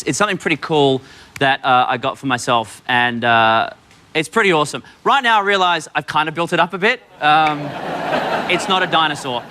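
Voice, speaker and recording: An Australian man hosting a talk show, delivering a playful comedy monologue in a studio. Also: fairly high pitch. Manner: playful, animated, jokey. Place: TV studio with live audience. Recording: studio audience laughter and crowd noise.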